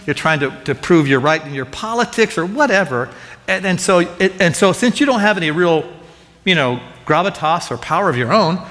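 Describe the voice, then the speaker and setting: A man preaching a sermon as pastor, animated and conversational, often restarting and repeating words as he gets excited. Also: high-pitched, in a large hall.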